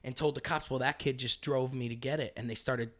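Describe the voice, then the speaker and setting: A male comedian guest on a podcast, spinning stories in a loose, profane, animated way. He talks at an everyday middle pitch and throws himself into the quotes he acts out. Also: a little fast. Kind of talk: casual podcast storytelling.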